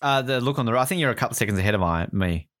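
A man's voice: mid-range voice, rapid-fire, dry recording, studio quality. A man co-hosting a podcast, chatting casually over a film, often laughing and quoting lines. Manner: animated, laughs often, quotes film lines in put-on voices. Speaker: podcast co-host. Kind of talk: casual movie commentary.

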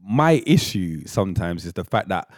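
A man talking as a guest in a casual interview, animated and playful, acting out the quotes in his stories. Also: low voice, moderate pace, no echo, clean studio sound. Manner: animated storyteller, acts out quotes. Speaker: guest actor.

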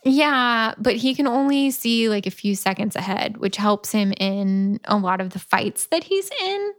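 A woman co-hosting a podcast, casually retelling a book's plot with dry, deadpan asides and some swearing. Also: medium pitch, unhurried. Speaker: podcast co-host.

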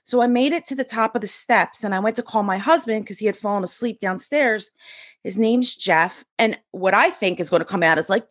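A woman in her forties, a podcast guest, telling a personal story in a lively, animated way and acting out the voices of the people in it. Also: medium pitch, normal speed, no room sound, studio quality. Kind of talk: storytelling in an interview.

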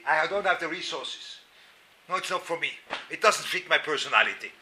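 A middle-aged man from Switzerland, giving an animated, self-mocking storytelling lecture at a Torah class, repeating words and breaking into sudden loud outbursts. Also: fairly high pitch, a little fast, breathy edge.

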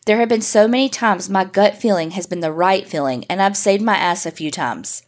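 A woman podcast co-host reading a listener's email story aloud in a steady storytelling voice. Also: medium pitch, normal speed.

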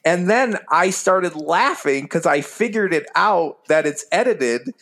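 A man co-hosting a podcast in casual chat, telling stories in an animated way and laughing through them. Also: sits high, measured pace. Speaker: podcast co-host. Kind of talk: casual chat about movies.

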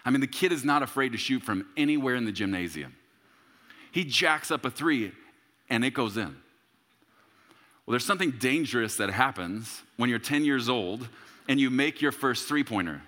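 A man in his thirties preaching a sermon as a pastor, telling a story with humor and bursts of shouting. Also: mid-range voice, animated, moderate pace, big-room sound.

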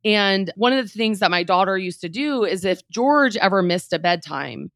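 A woman's voice: mid-range voice, moderate pace, dry recording, studio quality. Emotional woman telling her story. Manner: emotional, animated, filler-heavy. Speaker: guest, real estate team leader. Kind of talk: candid personal storytelling.

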